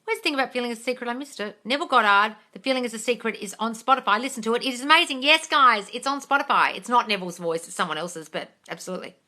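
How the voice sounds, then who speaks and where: A woman hosting a live question-and-answer stream, talking bluntly and with swearing, calling viewers darling and swinging between soft coaxing and excited squeals. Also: a little high, racing, hardly any pauses. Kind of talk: casual live chat.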